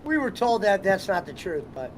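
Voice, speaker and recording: Very high-voiced man ranting casually. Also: sing-song, normal speed, slight background noise, poor audio. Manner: profane, rambling storyteller. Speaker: streamer host. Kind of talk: casual chat.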